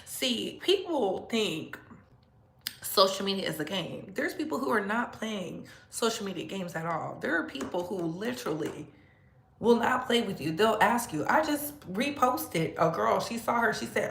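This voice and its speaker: A woman's voice: normal speed, creaky. Sassy woman host with a roomy echo. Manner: sassy, laughs often, animated swings in pitch. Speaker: commentary channel host. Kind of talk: casual livestream commentary.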